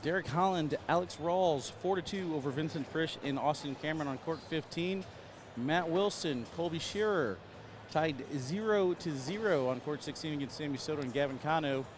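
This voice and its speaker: A man's voice: on the high side, moderate pace. An American man casually announcing matchups and bantering with his co-host at a cornhole tournament. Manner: joking, dry banter. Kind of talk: casual commentary, reading match lineups. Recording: noisy event venue.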